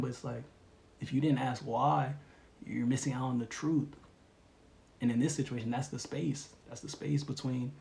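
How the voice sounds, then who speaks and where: Man, tarot reader, gravelly voice, roomy echo, laid-back slangy rambling. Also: medium pitch. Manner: relaxed, rambling, slangy with many fillers. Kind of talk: casual spiritual reading.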